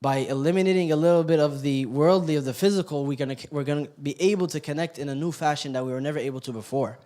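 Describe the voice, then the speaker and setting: Higher-voiced man preaching to youth. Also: fast talker. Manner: joking, animated storytelling, then quiet and earnest. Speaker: youth halaqa speaker. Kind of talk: sermon to youth. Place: youth center hall.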